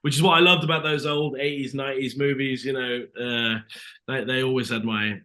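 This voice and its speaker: Bright-voiced British man, lively storyteller. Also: mid-range voice, fairly quick. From Britain. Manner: animated storyteller, acts out dialogue, many fillers. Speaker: actor, interview guest. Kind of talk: casual interview chat.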